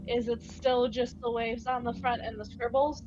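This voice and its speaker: A woman's voice: fairly high pitch, little pitch movement, normal speed. A woman playing in a tabletop game, chatty and swearing casually as she plays her character. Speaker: player. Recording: dull lo-fi mic.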